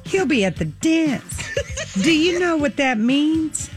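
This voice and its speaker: A gossipy teenage girl with a put-on Southern drawl, played by a woman stretches her words slowly in a high, lilting voice. Faint music sits under her. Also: lively intonation. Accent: put-on American Southern.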